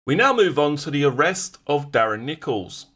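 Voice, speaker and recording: A man's voice: a little high, sing-song, moderate pace, fairly bright tone, husky. A man hosting a true-crime channel, breaking down a clip and speaking directly to viewers. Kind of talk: explanatory commentary.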